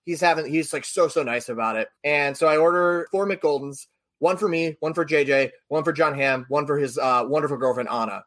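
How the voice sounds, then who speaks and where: A man with a slightly higher-than-usual voice tells a bar story on a podcast, animated and chatty. He keeps slipping into quick voices for the people he quotes, with a loose, casual delivery.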